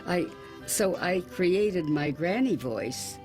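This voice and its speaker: A woman's voice: lowish voice, animated, takes it slowly, a little mellow. An older woman, a voice actress, recalling her career in a documentary interview. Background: music.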